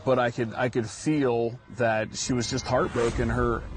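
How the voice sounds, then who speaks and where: A man's voice: mid-range voice, steady tone, measured pace, noisy background. American guy reporting on a street, emotional, stumbles and restarts, mid voice. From United States. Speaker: journalist. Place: outdoors on a city street.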